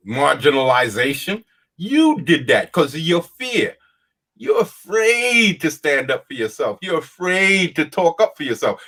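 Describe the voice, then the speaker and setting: A man's voice: on the high side, a bit bright. A man hosting a casual talk show who speaks in a plain, folksy way, repeats his points for emphasis, and often laughs while he rants.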